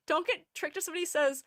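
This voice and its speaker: A woman streamer chatting casually with her live audience, giggling often and playfully animated. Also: very high voice, dry recording, studio quality. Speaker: streamer and art educator.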